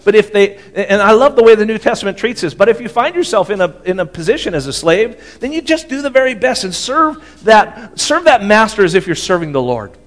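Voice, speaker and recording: A man preaching a sermon in a conversational way, often checking in with the congregation. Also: on the high side. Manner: conversational, asks the audience for agreement. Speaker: pastor.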